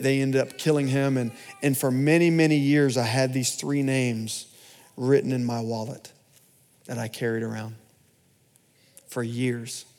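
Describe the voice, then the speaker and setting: A man giving a personal sermon testimony in church, storytelling with big swings between loud and hushed delivery. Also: medium pitch. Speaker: pastor.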